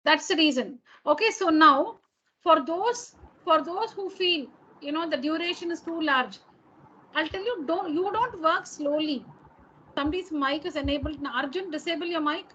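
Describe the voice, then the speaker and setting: A woman with a high voice teaches an online class over a dull, lo-fi call line. She speaks patiently and keeps restating her points so that everyone follows. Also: moderate pace, sharp tone. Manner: patient, repeats and rephrases points. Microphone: computer mic on a video call.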